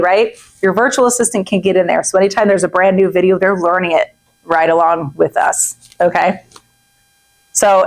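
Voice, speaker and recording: A woman's voice: medium pitch, low-quality recording. A woman in her forties giving a chatty masterclass talk to a group, often checking in with "right?" and "okay?" and acting out quoted people. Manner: frequent "right?" and "okay?" asides. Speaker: real estate coach.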